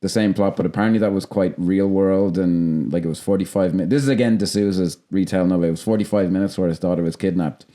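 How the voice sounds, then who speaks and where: A man's voice: low voice, fairly even intonation, fast, few pauses, mellow. A man with a Dublin accent co-hosting a film podcast, telling rambling anecdotes and swearing casually. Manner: rambling storyteller, swears freely. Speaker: podcast co-host.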